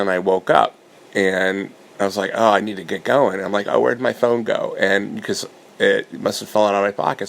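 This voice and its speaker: A man hosting a podcast, telling his dreams in a meandering casual monologue, getting animated when he quotes himself. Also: lowish voice, vocal fry. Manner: meandering, full of restarts and fillers, animated when quoting himself. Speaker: podcast host recounting dreams.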